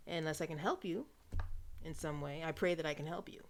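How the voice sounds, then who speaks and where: A low-pitched woman from New York chatting to camera on her own channel. She talks in a loose, wry way, drifting into hushed asides between livelier remarks. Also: fairly quick, a little hiss or hum. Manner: chatty, wry, drifts into soft asides and playful put-on voices. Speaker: vlogger. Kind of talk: casual monologue to camera.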